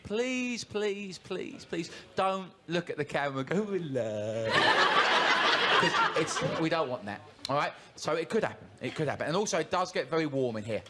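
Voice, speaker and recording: A man warming up a TV studio audience with cheeky, teasing jokes. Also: a little high, moderate pace. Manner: cheeky, joking, lively and teasing. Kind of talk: audience warm-up patter. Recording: noisy studio crowd. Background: studio audience laughing and cheering.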